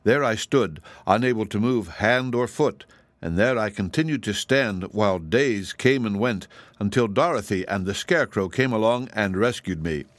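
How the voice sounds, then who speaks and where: A dutiful tin emperor speaks formally and seriously in a low male register, as a male reader voices him. The reading is close and dry. It stays near the reader's own voice. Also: expressive, moderate pace, dry recording, close to an everyday voice. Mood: telling. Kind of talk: audiobook character reading.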